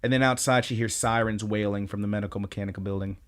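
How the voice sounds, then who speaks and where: A man co-hosting a podcast, recapping episodes in a casual, excited way and cursing freely. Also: lowish voice, quick pace. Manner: profane, excited retelling with quoted voices. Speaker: podcast co-host. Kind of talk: casual anime recap chat.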